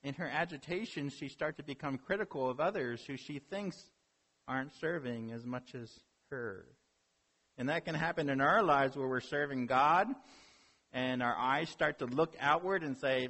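A man's voice: a little high, moderate pace, bright, forceful tone. A man preaching a sermon as a pastor, earnest, with rhetorical questions and building emphasis.

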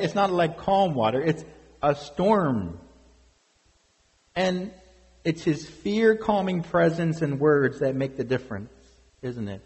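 Earnest preaching man, reverberant hall. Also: high voice. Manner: earnest preaching with rhetorical questions. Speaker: pastor. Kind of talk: sermon.

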